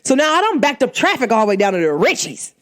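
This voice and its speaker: Casting note: a woman host with a slightly high voice and very lively pitch, emphatic storyteller. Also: quick pace. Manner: animated, emphatic, punctuates with "boom". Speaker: podcast host. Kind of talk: storytelling monologue.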